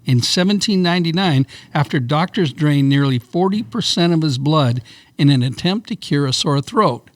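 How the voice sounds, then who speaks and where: A man's voice: on the high side, animated, normal speed, dry recording. A middle-aged man co-hosting a casual podcast, reading out news items with laughs and stumbles.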